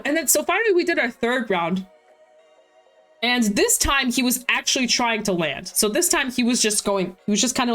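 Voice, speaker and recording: Young woman, higher voice, casual streamer, animated storytelling, laughing, faint background music. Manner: animated, laughing, acts out quotes, many fillers. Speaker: card game streamer.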